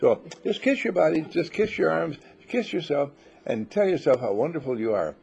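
A man's voice: a little high, lively intonation, moderate pace, a little mellow, highs cut off. A man leading a spiritual talk to a small group, playfully telling stories and acting out little voices. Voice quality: husky, gravelly. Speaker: spiritual teacher.

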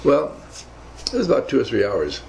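Gravelly older man telling stories. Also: mid-range voice, huge pitch swings, normal speed, darkish tone, a little hiss or hum, rough recording. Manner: emphatic, repetitive, rambling. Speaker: speaker recounting navy service. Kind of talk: motivational storytelling talk.

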